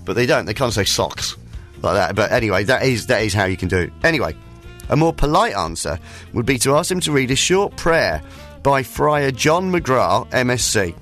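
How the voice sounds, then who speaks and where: A man's voice: mid-range voice, sing-song, moderate pace, a bit bright, faint music behind. A man hosting a casual radio show, bantering and laughing with his co-host in a jokey way. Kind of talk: casual chat.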